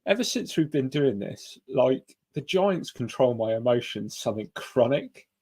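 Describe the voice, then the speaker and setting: A man co-hosting a casual sports podcast, talking in a halting, self-deprecating way. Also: medium pitch, sing-song, mellow, breathy edge. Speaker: podcast producer and co-host.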